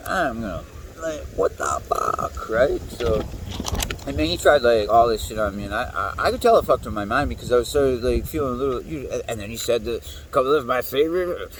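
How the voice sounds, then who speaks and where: A man talking in a rambling, profane, animated monologue as the host of his own show. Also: mid-range voice, fairly quick. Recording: distant mic with faint background noise.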